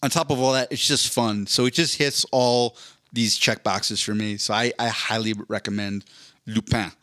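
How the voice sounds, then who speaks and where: A man's voice: on the low side, steady tone, normal speed, pushed and bright, dry recording, clean studio sound. Rambling, laughing man on a podcast. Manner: rambling, profane, laughs mid-sentence. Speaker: podcast co-host. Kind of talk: casual chat.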